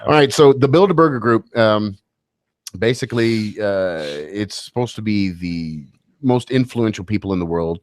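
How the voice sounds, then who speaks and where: A man's voice: lowish voice, expressive, normal speed, no echo. A man hosting a radio talk show, bantering casually with wry, joking asides.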